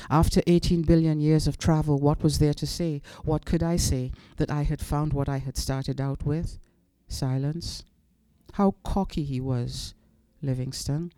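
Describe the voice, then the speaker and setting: Man reading literary prose at a club event, slow deliberate delivery, smooth voice, dry sound. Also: mid-range voice, warm tone, dry recording. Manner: measured and deliberate, with pointed pauses. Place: club venue.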